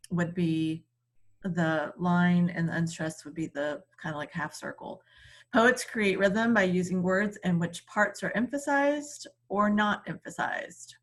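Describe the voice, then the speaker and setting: A woman teacher giving a recorded reading lesson, explaining slowly and patiently with frequent ums. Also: fairly low pitch.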